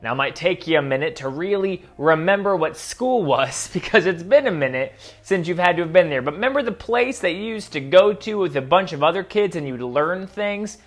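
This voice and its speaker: A man's voice: sits high, lively intonation, a little fast, hardly any pauses. A man hosting a kids' ministry talk, friendly and chatty, speaking straight to the viewer. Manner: friendly, direct address, chatty asides. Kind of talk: scripted talk to kids at home.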